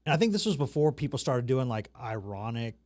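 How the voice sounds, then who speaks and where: A man's voice: mid-range voice, big pitch swings, brisk, darkish tone. A man from the American South hosting a casual chat, talking in a loose, rambling, self-mocking way. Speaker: talk show host.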